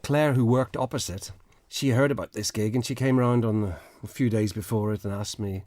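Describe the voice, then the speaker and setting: A man from Ireland, a musician guest on a radio show, telling stories in a rambling, warm way in a studio. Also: on the low side, steady tone, fairly quick, few pauses, dry recording. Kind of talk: relaxed anecdotal storytelling.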